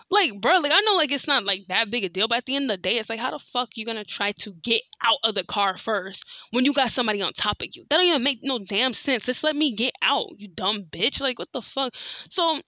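Young woman, bright tense voice, profane, filler-heavy storytelling, dry close sound. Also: medium pitch, no room sound. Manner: profane, heated, lots of "like" fillers. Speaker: podcast host. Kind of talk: casual storytelling rant.

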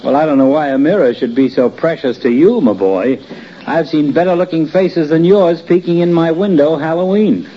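A man's voice: a little high, normal speed, lightly acted. An actor playing a wisecracking doctor who mocks his friend with insults, in 1950s radio comedy style. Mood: mocking. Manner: mocking, trades insults, chuckles. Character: teasing, wisecracking town doctor. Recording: muffled, hissy old radio broadcast.

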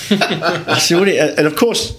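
A man with an Australian accent, a guest telling lively anecdotes in a casual interview, swearing freely and acting out other people's lines. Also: on the high side, measured pace. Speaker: guest, business owner. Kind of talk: casual storytelling in a podcast interview.

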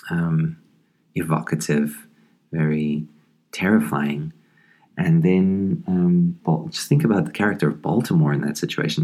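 A man with an extremely low voice reviews a horror comic as a podcast host. He talks casually and thoughtfully, pausing on ums and restarting his sentences. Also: gravelly, darkish tone, husky.

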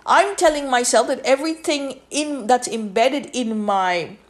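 A woman's voice: high voice, unhurried. A woman hosting a solo podcast monologue, lecturing emphatically and repeating phrases for weight. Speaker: podcast host.

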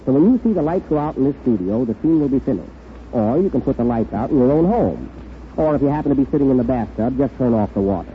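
A man hosting a 1930s radio comedy show, delivering wry, deadpan quips, on a tinny, crackly broadcast recording. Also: medium pitch, quick pace.

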